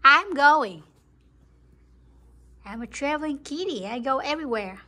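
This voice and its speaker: Woman playing a demanding house cat, bossy, loud, higher voice. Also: expressive, measured pace, full character voice. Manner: bossy, demanding, broken grammar. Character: indignant pet cat insisting on traveling. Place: home.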